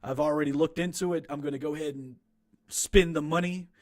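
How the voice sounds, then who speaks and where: Brisk and fairly even in intonation, a young man with a slightly high voice casually critiques his own rap track from his small home recording room. He rambles, speaks frankly, mocks himself and restarts a lot.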